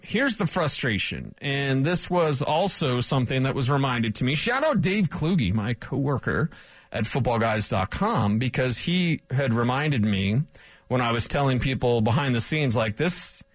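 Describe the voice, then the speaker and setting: A man's voice: medium pitch, sing-song, a little slow, fairly bright tone, dry recording. A man hosting a sports talk show, chatting casually and animatedly, often acting out quoted asides.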